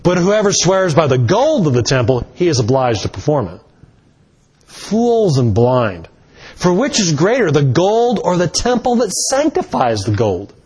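A man preaching a sermon in a slow, deliberate way, stressing key words with rising emphasis. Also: fairly high pitch, big pitch swings, darkish tone, slightly rough.

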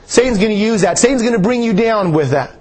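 A man's voice: high-pitched, animated, fast talker, a little mellow, breathy edge. A man preaching a sermon in an earnest way, repeating phrases for emphasis.

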